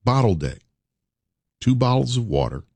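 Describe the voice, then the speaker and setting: Urging radio host man, lively pitch. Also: normal speed, husky, no echo. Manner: urging, preacher-like repetition. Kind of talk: morning radio talk.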